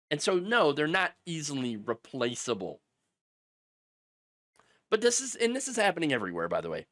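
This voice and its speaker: A man's voice: on the high side, fairly bright tone, no room sound, clean studio sound. A man hosting political commentary, talking in a sarcastic, heated and emphatic way. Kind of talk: opinion commentary.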